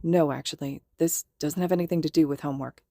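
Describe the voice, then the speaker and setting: A woman's voice: low voice, steady tone, fast talker, mellow, no echo, clean studio sound. A woman voicing a frustrated young man who bluntly presses for answers. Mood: tense.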